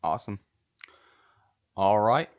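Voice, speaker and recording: A man's voice: fairly low pitch, lively intonation, slow, darkish tone. A man hosting a podcast discussion, agreeing with the others and calling on the next speaker. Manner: affirming, moves the talk along. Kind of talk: casual podcast moderation.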